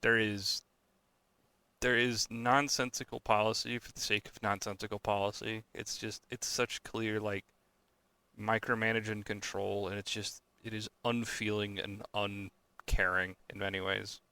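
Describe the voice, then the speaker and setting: Young man, bright tense voice, dry close sound, swearing, exasperated casual rant. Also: fairly low pitch, flat delivery, unhurried, no room sound. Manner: swears a lot, ranting with exasperated outbursts. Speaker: podcast co-host. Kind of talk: casual chat.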